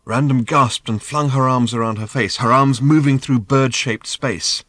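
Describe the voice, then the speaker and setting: A man narrating an audiobook in measured, lively storytelling. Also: medium pitch, no room sound, studio quality. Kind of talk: scripted narration.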